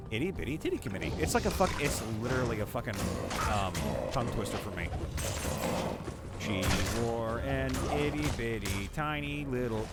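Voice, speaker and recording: A man's voice: medium pitch, big pitch swings, moderate pace. A man streaming a game live, chatting casually and ranting with crude, profane jokes over game music. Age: adult, not young. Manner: crude, profane, joking rants. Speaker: streamer and voice actor playing a game.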